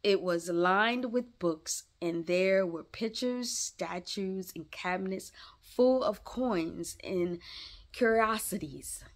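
A woman reading a classic novel aloud in a gentle storytelling way, now and then stopping to chat with her listeners. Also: mid-range voice. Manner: slow, gentle read-aloud with asides to listeners. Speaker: storybook reader.

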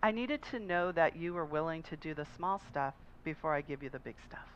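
A woman voicing God, calm and firm. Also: low voice, brisk, slight background noise, pitched below the performer's own voice. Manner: calm, plain, matter-of-fact. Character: the Lord, calm and firm divine voice. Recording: slightly dull lo-fi recording.

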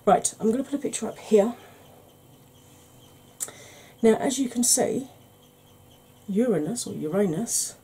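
A woman's voice: a little high, normal speed, long pauses, warm tone, breathy edge. A woman hosting a makeup channel, chatting casually through a tutorial with rambling, self-deprecating asides.

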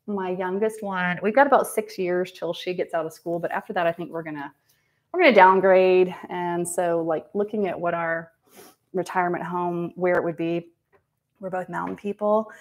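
A woman, a nurse practitioner chatting casually on a livestream while she gets ready, with frequent ums and laughs. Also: mid-range voice. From American South. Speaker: nurse practitioner live-streaming.

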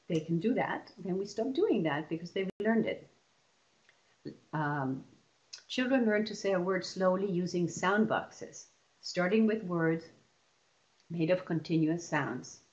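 A woman's voice: lowish voice, darkish tone, highs cut off. A woman presenting an online teacher-training session, explaining classroom methods step by step and often restarting her phrases.

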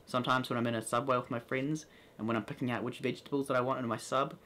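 A man's voice: mid-range voice, steady tone, a bit bright. A young man with a New Zealand accent, casually reading a word list and answering questions for his video. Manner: playful, reads word list with drawn-out words. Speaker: vlogger.

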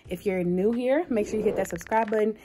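A woman's voice: mid-range voice, a little fast, mellow, slight background noise. A young woman chatting upbeat and straight to her viewers in a casual vlog, calling them y'all. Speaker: lifestyle vlogger.

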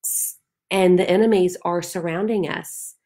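A woman's voice: lowish voice, fairly even intonation, unhurried, warm tone. A woman leading a Bible study, reading scripture aloud and speaking to listeners in an earnest, heartfelt way. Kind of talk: devotional Bible teaching.

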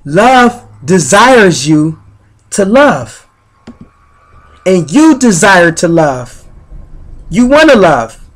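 A man leading guided spiritual affirmations in slow, repetitive, chant-like phrases. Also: high-pitched, very animated, fairly bright tone. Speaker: spiritual speaker.

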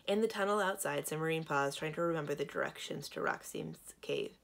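Low-voiced woman reading a children's book. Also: a little fast, gravelly. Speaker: librarian reading aloud. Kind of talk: children's read-aloud narration.

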